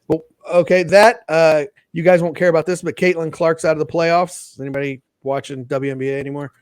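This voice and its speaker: A man co-hosting a podcast, eagerly bringing up quick sports topics. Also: a little high, little pitch movement, clear, resonant tone, no room sound, clean studio sound. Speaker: podcast co-host. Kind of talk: casual sports chat.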